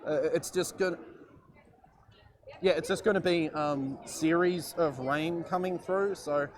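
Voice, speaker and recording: A man's voice: on the high side, measured pace, slight background noise. A man live streaming from an outdoor airshow, chatting casually and jokily with lots of fillers. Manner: rambling, joking, lots of fillers.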